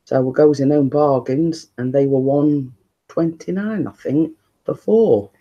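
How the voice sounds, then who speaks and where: Soft-spoken man chatting. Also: fairly high pitch, a little slow, muffled recording. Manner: talking quietly, rambling and chatty. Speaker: live-stream host. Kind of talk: casual live-stream chat with viewers. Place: living room at home, indoors.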